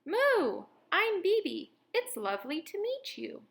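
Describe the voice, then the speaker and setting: A woman voicing a gentle, shy young female cat in a storybook read-aloud. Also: very high-pitched, huge pitch swings, slow pace, gravelly, pitched above the performer's own voice, full character voice. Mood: polite.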